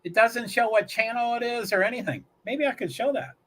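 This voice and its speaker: A man's voice: very high-pitched, brisk, a bit bright. A man hosting a livestream, chatting casually and rambling as he thinks aloud while watching a race. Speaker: livestream host. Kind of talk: casual commentary.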